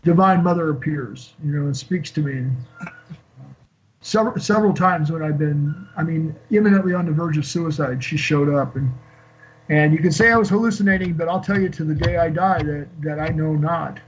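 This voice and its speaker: A man in his sixties, a guest on an interview show, telling an emotional personal story in a halting way with many fillers and restarts. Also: a little high, slight background noise. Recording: dull lo-fi call audio.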